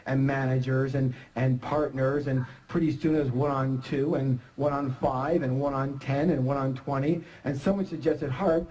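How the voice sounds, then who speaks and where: A middle-aged man giving an energetic motivational seminar talk, joking and quizzing the audience. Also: medium pitch, normal speed, few pauses, low-quality recording. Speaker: seminar speaker.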